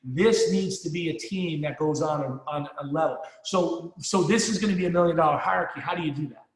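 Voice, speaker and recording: A man's voice: a little high, brisk. A middle-aged man giving a punchy, rallying motivational speech at a sales meeting, swearing casually and repeating himself for emphasis. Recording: echoey hall, long reverb.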